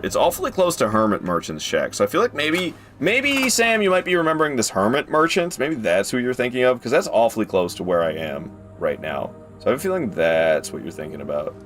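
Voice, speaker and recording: An excitable male game streamer chatting to his viewers as he plays, his voice swinging up and down a lot. He talks casually and swears freely. Soft game music plays behind him. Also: low voice. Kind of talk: casual live gameplay commentary.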